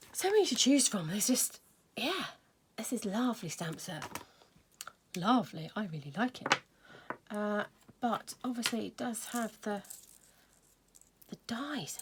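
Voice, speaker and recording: A woman's voice: mid-range voice, expressive, a little slow, pauses often, a bit bright, slight background noise. A woman hosting a casual crafting tutorial, chatting and thinking aloud as she works. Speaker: craft video host.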